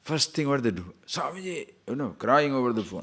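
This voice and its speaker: A man, a spiritual teacher giving a conversational scripture lecture, posing rhetorical questions and chanting verses slowly. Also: medium pitch, big pitch swings, breathy edge.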